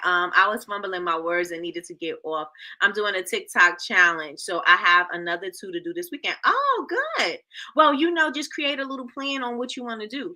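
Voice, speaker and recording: A woman's voice: mid-range voice, sharp tone. A woman hosting a live-stream show in casual chat, reading comments aloud, laughing often.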